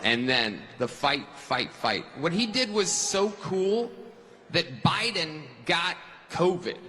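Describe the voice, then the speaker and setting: A man's voice: a little high, very animated, slow pace, background noise. A man performing a mocking stand-up set at a rally in a large arena. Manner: mocking punchline delivery. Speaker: stand-up comedian.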